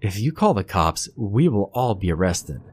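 A man's voice: on the low side, big pitch swings, normal speed, a little hiss or hum. A man voicing a confused young woman in a spoken horror story, speaking urgently and stammering. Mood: panicked.

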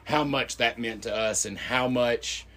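A man co-hosts a podcast, speaking earnestly and with gratitude, swearing casually along the way. His voice has a bright edge. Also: medium pitch, a little slow. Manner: earnest and grateful, casually profane. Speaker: podcast co-host.

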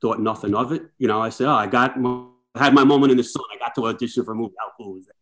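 A middle-aged man, a firefighter, telling lively anecdotes as a podcast guest and acting out the dialogue he quotes. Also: medium pitch, very fast. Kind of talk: casual storytelling chat.

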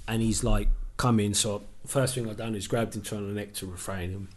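A former footballer from England, a podcast guest telling a story in casual chat, animated and swearing freely as he acts out what was said. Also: lowish voice, moderate pace, slight background noise.

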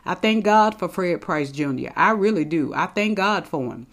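A woman's voice: fairly low pitch, expressive, moderate pace. A woman preaching a sermon in an emphatic, conversational way, repeating points for stress.

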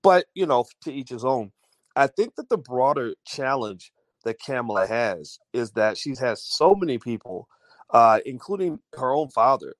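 A man speaks in a chatty, unscripted way to his live audience, full of fillers and restarts. His voice sits at a middle pitch. The sound is dry and close, with no room around it. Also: big pitch swings, normal speed, no room sound. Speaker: livestream host. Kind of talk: casual livestream commentary. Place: audio-only home livestream.

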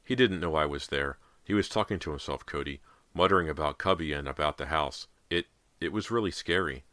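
A stubborn, jittery teenage girl from a spooky storybook, her voice rising shrill and tense under a bright, forceful edge, as a man reads her. It sits dry and close, with no room around it. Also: a little fast, no room sound. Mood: angry.

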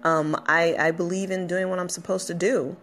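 Woman, deep voice, podcast host, emotional, encouraging, rambling casual talk. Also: steady tone, moderate pace, fairly bright tone, slight background noise. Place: at her workplace, a dog barking nearby.

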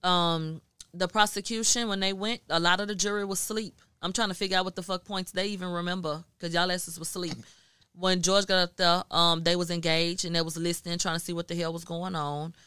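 A woman from Houston tells her story on a podcast, swearing freely and acting out what people said. Her voice sits a little low, yet it comes across bright and clean. The sound is dry and close, with no room around it. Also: brisk, clear, resonant tone, no echo. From Houston, Texas. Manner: profane, animated storytelling with acted-out quotes. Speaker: guest media journalist. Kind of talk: casual podcast chat.

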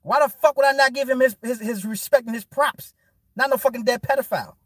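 A man's voice: fast, dry recording, clean studio sound. Heated, profane man ranting. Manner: profane, heated and preachy, swings from low mutter to loud rant. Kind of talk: unscripted monologue.

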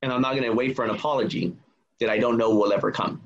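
A man's voice: mid-range voice, fairly even intonation, quick pace, dull audio. A man in his forties, a memoir author, telling his story earnestly and emphatically as a podcast guest. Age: 40s. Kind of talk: casual podcast conversation.

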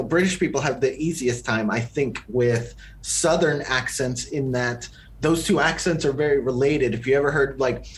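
Over a little hiss or hum, a man with a medium-pitched voice co-hosts a podcast, rambling casually through a film review. His talk is loaded with fillers and restarts.

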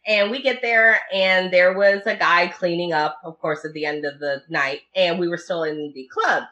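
A woman whose first language is Italian, a podcast guest telling stories in casual chat, animated and often laughing. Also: on the low side, moderate pace, muffled recording.

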